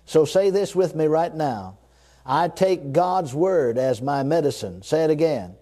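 Man, preacher, sermon, emphatic, repetitive, fairly high voice. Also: mellow. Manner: emphatic, repetitive, leads the listeners in spoken confessions.

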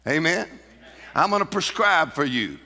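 Male preacher, sermon, slightly high voice, forceful, calls out to the congregation. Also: very animated, normal speed. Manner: emphatic preacher who laughs often and calls out to the congregation. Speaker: pastor. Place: church. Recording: reverberant hall.

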